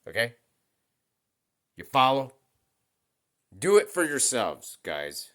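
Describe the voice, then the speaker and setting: A man vlogging a heated monologue straight to camera. His speech is blunt and laced with profanity, and his voice sits at an ordinary middle pitch. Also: huge pitch swings, slow, a bit bright.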